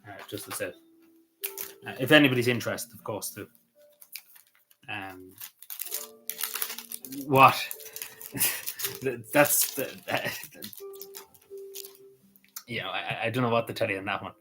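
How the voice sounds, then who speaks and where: An Irish man hosting a casual livestream, rambling with many ums and quick apologies. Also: lowish voice, bright, forceful tone, low-quality recording. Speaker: livestream host.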